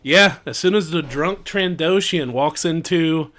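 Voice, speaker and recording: A man's voice: on the high side, unhurried, a bit bright, a little hiss or hum. A man running a tabletop game as game master, narrating in a loose, chatty way with many fillers, over an online call. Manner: loose, chatty, laughs often, trails off into fillers.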